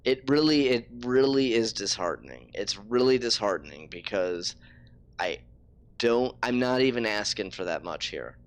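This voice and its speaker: A man's voice: lowish voice, expressive, normal speed, smooth, no room sound. A man streaming a game live, ranting in frustration and swearing freely. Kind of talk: casual live-stream talk.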